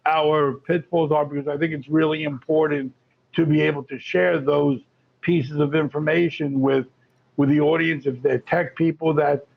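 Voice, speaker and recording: A gravelly man with a fairly high voice speaks as a guest on an interview show, chatty and animated and often restarting his sentences. The sound is muffled and lo-fi. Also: normal speed. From Florida. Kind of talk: casual interview talk. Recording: lo-fi muffled audio.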